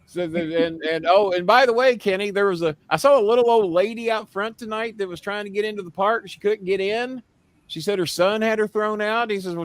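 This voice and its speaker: A man's voice: high voice, no room sound. Profane, storytelling male host. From United States. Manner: profane, animated, shouts when quoting himself. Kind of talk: casual storytelling on a live show.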